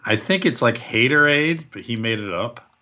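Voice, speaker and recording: A man talks in a relaxed podcast chat with a mid-range voice. He adds short dry, wry asides and quick agreement in between his partner's rants. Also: mid-range voice, lo-fi sound. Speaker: podcast co-host. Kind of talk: casual chat.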